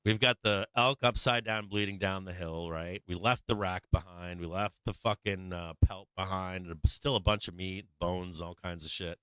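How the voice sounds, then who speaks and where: A man's voice: low-pitched, steady tone, normal speed, hardly any pauses, a bit bright, clear, resonant tone, dry recording, studio quality. A man hosting a live stock market stream, telling a rambling, profane story with lots of fillers between market remarks.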